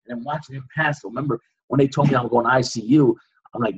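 A man, a guest on an interview show, recounting a dramatic personal story with vivid, animated reenactments. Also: mid-range voice, very fast, slightly rough, lo-fi sound.

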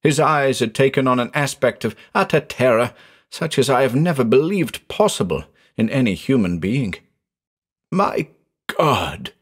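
A man narrating a horror story in a measured, dramatic storytelling manner. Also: mid-range voice, animated, slightly rough.

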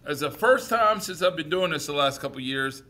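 A man teacher running a classroom wrap-up, joking with students and loudly repeating their answers. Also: on the high side, expressive, a little fast.

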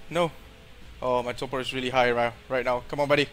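A man giving live gameplay commentary, nervous and excitable, often exclaiming and coaxing his creature along. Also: medium pitch, fast talker, slight background noise. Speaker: gameplay streamer.

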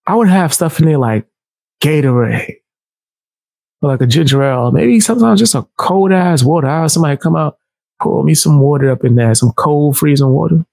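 A man's voice: fairly high pitch, lively intonation, fairly quick, creaky, a little mellow, no echo. A man casually reacting to a video clip, talking back to it with slang and jokes.

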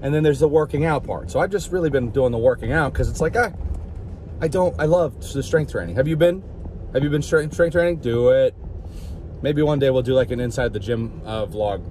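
A man's voice: medium pitch, fairly quick, mellow, a little hiss or hum. A man vlogging in a rambling, jokey way, outdoors by a street. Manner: rambling, jokey, puts on silly voices. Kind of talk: rambling casual vlog.

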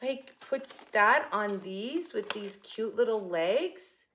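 A woman's voice: medium pitch, expressive, takes it slowly, noisy background. An older woman chatting casually to camera about her shopping haul, giggling and joking with someone off camera. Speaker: haul vlogger.

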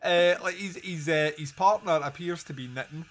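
Podcast host, male, slightly higher voice, loose rambling delivery, chuckles through his plot summary. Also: normal speed. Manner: rambling, giggly scene recap. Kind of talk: casual film review chat.

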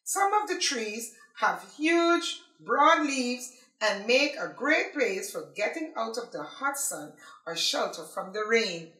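Expressive woman reading a children's story. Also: on the high side, slow, echoey room, rough recording. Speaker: library storyteller. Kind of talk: children's story read-aloud.

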